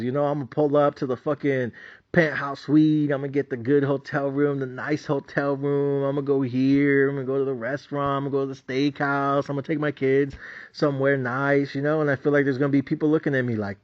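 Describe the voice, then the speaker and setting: A middle-aged man, a stock market trader, ranting in a boastful, mocking manner and swearing constantly. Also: mid-range voice. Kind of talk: profane unscripted rant. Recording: dull lo-fi audio.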